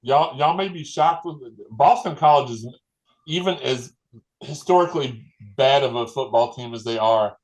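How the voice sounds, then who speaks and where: A man's voice: mid-range voice, moderate pace, low-quality recording. Rambling man. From Louisville, Kentucky. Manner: rambling, self-correcting, folksy. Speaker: guest fan commentator. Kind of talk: casual sports podcast chat.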